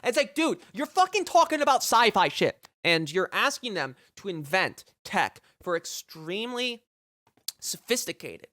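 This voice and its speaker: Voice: medium pitch, big pitch swings, moderate pace, sharp tone, dry recording, clean studio sound. A streamer giving live commentary on news reporting, reading passages aloud and reacting with sarcastic, profane rants.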